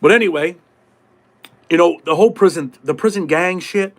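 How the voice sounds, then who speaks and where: A man with a high-pitched voice talks casually on his live stream. His speech is streetwise and full of swearing. He acts out the voices of people from prison life as he goes. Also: moderate pace. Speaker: podcast host.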